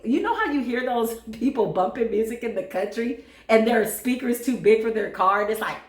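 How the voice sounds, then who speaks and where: Animated woman reading tarot, echoey room. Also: a little high, normal speed, hardly any pauses. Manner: animated, playful, talks straight to viewers. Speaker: tarot reader.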